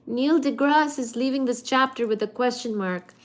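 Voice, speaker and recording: A woman hosting a casual study-with-me livestream, chatty and expressive as she reads and answers viewer comments. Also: a little high, normal speed. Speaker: livestream host.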